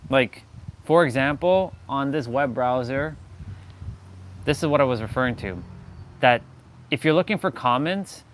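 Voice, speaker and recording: A man's voice: mid-range voice, measured pace, long pauses, slight background noise. A man hosting a fitness livestream, talking in a loose, rambling, joking way. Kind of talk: casual livestream chat.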